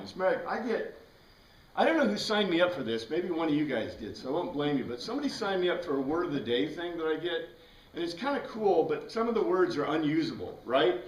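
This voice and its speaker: A man teaching a Bible class in a casual, conversational lecture style, often checking in with the class by asking "right?". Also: on the high side. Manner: conversational, asks the class questions, frequent "right?". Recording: echoey room from a distance.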